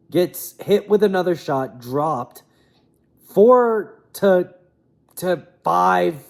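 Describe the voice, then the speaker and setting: A young man with a slightly high voice talks through fight results in a loose, opinionated ramble. He often drops off into quiet mumbles at the ends of his thoughts. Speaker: MMA commentator. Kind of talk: casual fight recap.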